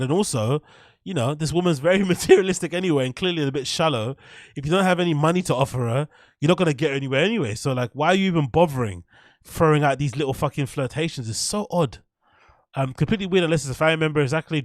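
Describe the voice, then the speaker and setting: A man's voice: on the high side, no echo, studio quality. Swearing guy, rambling livestream host. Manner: rambling, swears a lot, reads and answers chat. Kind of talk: casual livestream commentary.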